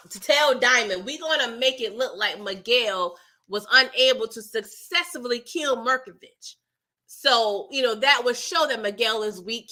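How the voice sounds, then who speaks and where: A woman hosting a casual TV recap, chatty and animated, acting out characters in quotes and laughing often. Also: high voice. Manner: chatty, addresses viewers as y'all. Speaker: TV recap host.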